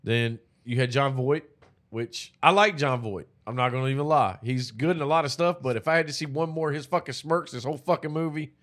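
A man in casual movie-review banter, animated and profane, joking a lot. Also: mid-range voice, fairly quick. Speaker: podcast co-host.

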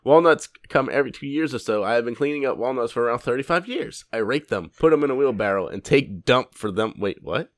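A man's voice: medium pitch, a little fast, hardly any pauses, dry recording. A man co-hosting a comedy podcast, reading product reviews aloud with frequent laughter and swearing. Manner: laughs often, swears, animated. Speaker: podcast co-host.

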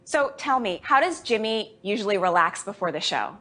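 A woman born in Jamaica hosting a comedy show, delivering a deadpan stand-up monologue. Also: mid-range voice, normal speed. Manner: deadpan, dry delivery with put-on voices for family.

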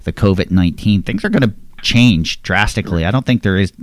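A man co-hosting a podcast in a relaxed, casual way, using lots of fillers. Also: fairly low pitch, a little fast, no echo. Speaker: podcast co-host, nursery worker. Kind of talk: casual conversation.

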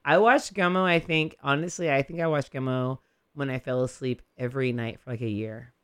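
A man hosting a radio show, teasing his guest with crude, quick-fire banter. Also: mid-range voice, fairly even intonation, fairly bright tone, clear, resonant tone, no echo. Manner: crude, teasing, rapid tangents. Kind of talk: casual banter.

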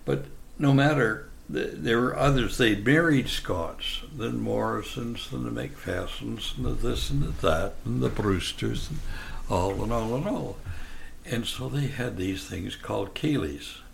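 A man in his nineties speaking slowly and earnestly as an interview guest, drifting into long stories. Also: mid-range voice, gravelly, slight background noise. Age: 90s. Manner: slow, earnest, warm-hearted, drifts into anecdotes. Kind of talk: reflective storytelling in conversation.

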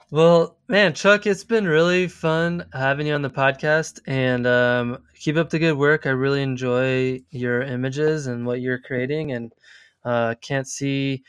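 A man hosting a podcast interview, easygoing and quick to laugh. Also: mid-range voice, clean tone, no room sound, studio quality. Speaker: podcast host. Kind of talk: casual interview chat.

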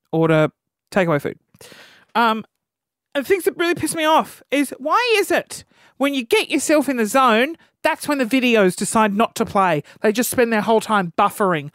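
A man's voice: very high voice, clean tone, no echo, clean studio sound. Aussie guy ranting into the camera, voice jumps all over, acts out everyone he talks about. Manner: animated, mimics people in acted-out quotes. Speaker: vlogger. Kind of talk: comic rant to camera.

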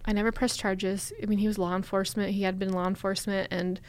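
A young woman speaking candidly and haltingly as a guest in a podcast interview, with many fillers. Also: mid-range voice, flat delivery, clear, resonant tone. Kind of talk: personal storytelling in a podcast interview.

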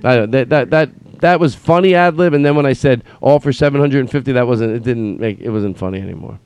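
A man's voice: mid-range voice, brisk, a little mellow, slight background noise. Rambling man riffing solo on a podcast. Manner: rambling, restarts, bursts into silly announcer bits. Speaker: podcast host. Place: studio.

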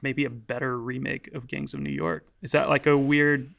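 A man's voice: mid-range voice, flat delivery, normal speed, creaky, a bit bright. A man co-hosting a casual film podcast, talking with many fillers and restarts. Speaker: podcast co-host.

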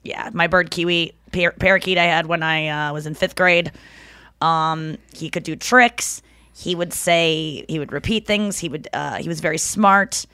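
A woman's voice: fairly low pitch, steady tone, moderate pace, sharp tone, clear, resonant tone, dry recording. A woman podcast host telling loose, swearing stories in casual chat. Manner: loose, swearing, storytelling with silly bird-voice impressions.

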